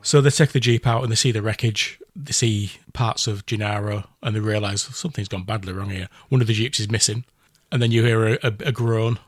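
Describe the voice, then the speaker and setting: A man with a lowish voice runs through a film plot at a brisk clip. He rambles and doubles back as he retells it for his co-host. The sound is close and dry, with no room around it. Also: no room sound. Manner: rambling storyteller, animated retelling. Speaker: podcast co-host recapping a film. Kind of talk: casual chat.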